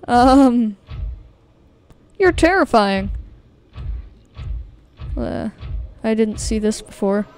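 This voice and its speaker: Commentating her gameplay for viewers she speaks to directly, a female streamer startles easily and nervously says things twice. She sounds a little high and expressive, drawing out words and pausing often, with a slightly mellow tone and no room sound.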